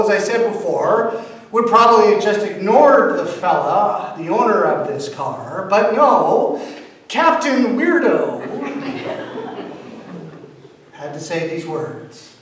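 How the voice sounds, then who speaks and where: Slow, high-voiced pastor preaching. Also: male voice, a bit bright, slight background noise. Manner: humorous, self-deprecating storytelling. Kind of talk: sermon. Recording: echoey church from far off.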